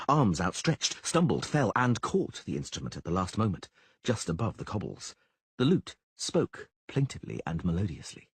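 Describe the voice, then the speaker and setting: A man narrating a fantasy audiobook in an expressive storytelling manner. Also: sits low, normal speed, breathy edge, no room sound. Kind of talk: scripted narration.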